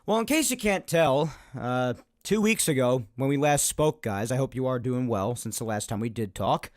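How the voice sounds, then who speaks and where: A man hosting a casual podcast, talking in a chatty, ranting way while raspy from phlegm. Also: mid-range voice, normal speed, dry recording, studio quality. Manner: chatty, ranting, loud energetic openings. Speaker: podcast host. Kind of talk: casual solo podcast talk.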